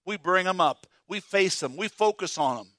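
A man preaching a sermon as pastor, animated and folksy, swinging from loud emphasis to hushed asides and telling homespun stories. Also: high-pitched, moderate pace, dry recording, studio quality. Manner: folksy storytelling with humor.

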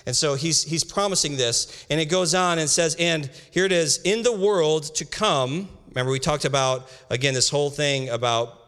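A young man preaching a sermon, reading scripture slowly with emphasis and breaking into casual asides. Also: fairly high pitch, a bit bright, smooth. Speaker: pastor. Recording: hall reverb.

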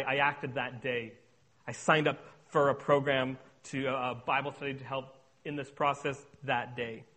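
Young male speaker, sermon testimony, earnest, alternates hushed and emphatic, mid-pitched voice. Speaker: speaker on addiction recovery.

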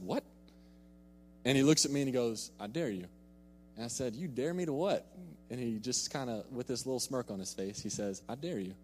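Earnest preacher in a big hall. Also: male voice, medium pitch. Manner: earnest storytelling, repeats words when emphatic. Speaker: pastor. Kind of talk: sermon. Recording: long reverb in a large hall.

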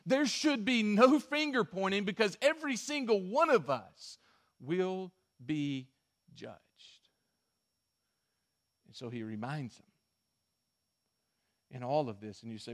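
A male pastor preaching a sermon and telling a story, swinging from emphatic stretches to hushed ones. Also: high-pitched, expressive, slow, pauses often.

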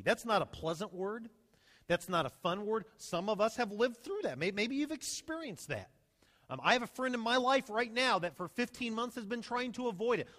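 A man preaching a sermon as pastor, animated, swinging between loud emphasis and soft, slow asides. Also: sits high, long reverb tail. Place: church sanctuary.

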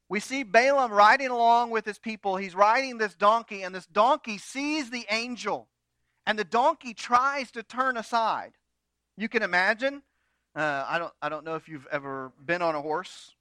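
A man's voice: high-pitched, bright, forceful tone, no echo. A man pastor preaching a sermon, retelling a story with humorous asides.

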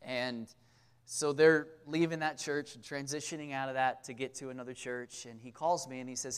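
A man preaching a casual sermon at a youth camp, joking and talking straight to the audience with quick asides. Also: mid-range voice, flat delivery, clean tone.

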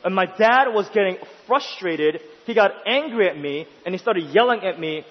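A man preaching a sermon with emphatic delivery, pushing his voice up into urgent questions and then dropping to a hush. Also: high-pitched, lively intonation, normal speed, hardly any pauses. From New York City. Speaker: pastor. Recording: dull, lo-fi sound in a long-reverb hall.

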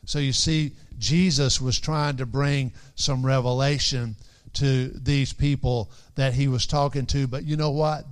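A man's voice: mid-range voice, steady tone, a little slow, smooth. A man preaching a sermon, earnestly repeating key phrases for emphasis and quoting scripture in old-fashioned wording. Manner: quotes scripture in King James wording.

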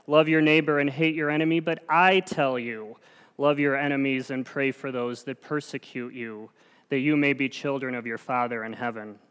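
A man preaching in a church sanctuary, earnest and conversational, sometimes poking fun at himself. His smooth, resonant voice rings out with a long reverb that fills the hall. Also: mid-range voice, fairly even intonation, moderate pace, a bit bright. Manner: earnest, self-deprecating and conversational. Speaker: lay preacher. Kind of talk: sermon.

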